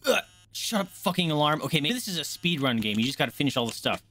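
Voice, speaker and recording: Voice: mid-range voice, big pitch swings, fast talker, fairly bright tone, slight background noise. A streamer doing live horror gameplay commentary, jumpy and swearing a lot, shrieking at scares and talking straight to the chat. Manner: talks to chat directly.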